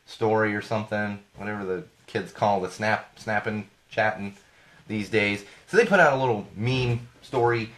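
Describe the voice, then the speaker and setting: A man hosting a live podcast, rambling and indignant in a casual rant, his voice going hoarse. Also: lowish voice, moderate pace, a bit bright. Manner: rambling, indignant, self-correcting. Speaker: podcast host.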